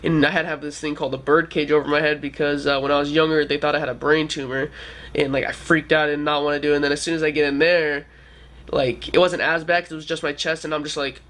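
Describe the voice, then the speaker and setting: A man's voice: a little high, flat delivery, quick pace, fairly bright tone. A man in his twenties telling a story to camera in a rambling, casual way, with lots of "like" and swearing. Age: 20s. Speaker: vlogger.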